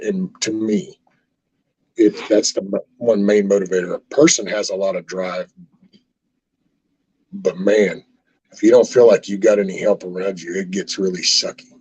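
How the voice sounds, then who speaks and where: A man's voice: fairly low pitch, slightly rough, poor audio. A man hosting a casual chat, speaking in an earnest, encouraging way.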